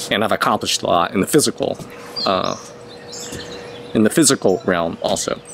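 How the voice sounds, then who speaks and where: A man's voice: on the low side, background noise. A middle-aged man telling a personal story in a casual, rambling way, often restarting and correcting himself. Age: 50s.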